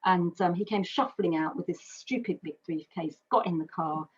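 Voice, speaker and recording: A British woman gives an earnest, personal webinar talk as a carer, explaining through metaphors and lists. Her voice is low and a little husky. The audio is dull and lo-fi. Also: normal speed. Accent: British English. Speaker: carer speaker. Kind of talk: webinar presentation.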